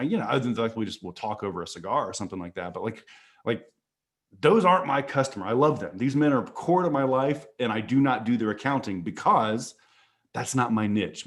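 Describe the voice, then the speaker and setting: A man speaking as a guest on a casual panel call, earnest and repeating words as he thinks. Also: mid-range voice.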